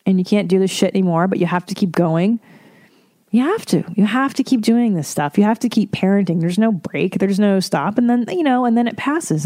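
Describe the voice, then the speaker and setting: A woman who is a mother hosting a solo podcast, chatting in a candid, profane and animated way. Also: medium pitch. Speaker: podcast host. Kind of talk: casual solo podcast chat.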